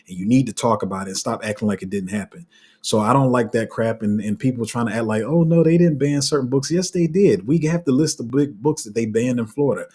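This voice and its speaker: A man's voice: mid-range voice, darkish tone, breathy edge. A man hosting a crypto channel, giving a heated, passionate livestream rant full of restarts. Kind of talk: casual livestream commentary.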